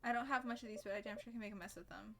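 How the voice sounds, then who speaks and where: A woman's voice: medium pitch, fairly even intonation, background noise. A woman streaming a visual novel, reading the game's text aloud in first person and breaking off for casual, sweary asides. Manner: casual, swears, quick asides between read lines. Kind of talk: let's-play commentary, reading game text aloud.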